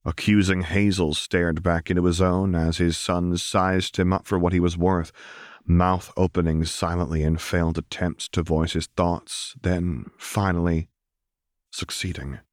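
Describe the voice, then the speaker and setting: Male audiobook narrator, very low and level, steady read, dry studio sound. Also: measured pace, no echo. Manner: steady, even storytelling read. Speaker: audiobook reader. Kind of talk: scripted narration.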